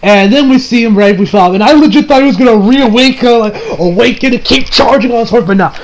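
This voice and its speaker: A man giving a casual anime episode review, excitable and swearing, recapping scenes with mock quotes. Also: very high-pitched, fast talker, poor audio.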